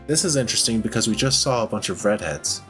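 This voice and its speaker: Let's play host, casual and chatty, lively pitch, faint game music underneath. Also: male voice, fast talker. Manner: chatty, self-mocking asides. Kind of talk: casual gameplay commentary.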